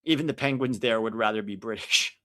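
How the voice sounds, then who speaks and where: A man's voice: lowish voice, brisk, fairly bright tone. A man hosting a live watch-along stream, giving casual, opinionated commentary and reacting to the play as it happens. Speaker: livestream watch-along host.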